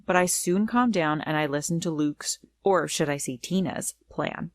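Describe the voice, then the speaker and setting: A woman narrates a first-person storytime tale with a plain, earnest delivery. Her voice sits slightly low for a woman, even and unhurried. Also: no room sound.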